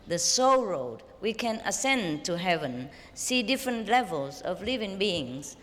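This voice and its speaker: Woman teacher lecturing in an echoing hall. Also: lowish voice. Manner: laughs often, teasing and informal. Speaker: spiritual teacher. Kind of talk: spiritual lecture answering questions. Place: hall with an audience. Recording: echoey hall recording.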